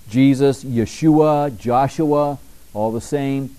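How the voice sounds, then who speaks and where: Man preaching with a mellow voice. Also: fairly even intonation, rough recording. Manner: reads scripture slowly and emphatically, rising in pitch and volume; conversational asides, dropping quieter between readings. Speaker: pastor. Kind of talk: sermon. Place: church.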